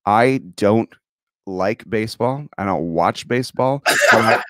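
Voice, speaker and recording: A man's voice: on the low side, slow, dry recording, clean studio sound. A young man hosting an interview, talking in a loose rambling way with many restarts. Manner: rambling, self-interrupting, laughs often. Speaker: podcast host. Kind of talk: casual interview.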